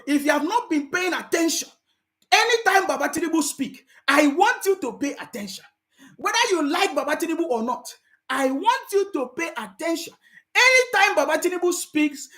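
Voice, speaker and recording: A Nigerian woman with a Nigerian accent talks straight to her viewers in a fervent political commentary vlog. Her voice sits high, and she stresses her points by repeating them, sometimes rising to a shout. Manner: emphatic, repetitive, sometimes shouting.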